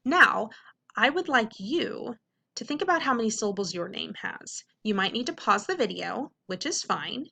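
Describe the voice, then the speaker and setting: Upbeat woman teacher, crisp bright voice, sounds out words slowly for kids. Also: on the high side, sing-song. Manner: upbeat, checks in with frequent "okay?"; slows to sound out words carefully. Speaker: reading teacher. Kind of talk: classroom video lesson.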